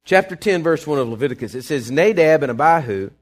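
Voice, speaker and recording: A man's voice: on the high side, lively intonation, quick pace. Folksy man preaching. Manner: folksy, conversational preaching with asides to the congregation; swings between quiet asides and emphatic bursts. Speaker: pastor. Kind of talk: sermon.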